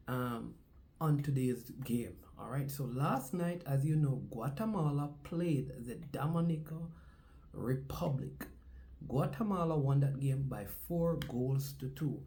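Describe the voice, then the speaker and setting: Mellow-voiced Jamaican man hosting sports talk. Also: medium pitch. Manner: preacher-like cadence, repeats phrases for emphasis. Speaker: sports show host. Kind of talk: casual sports commentary with a sermon-like opening.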